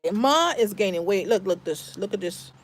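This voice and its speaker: A woman's voice: medium pitch, lively intonation, moderate pace, slight background noise. A middle-aged woman from the Bronx, chatting casually to her vlog viewers, emphatic and repeating herself. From the Bronx, New York. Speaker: family vlogger.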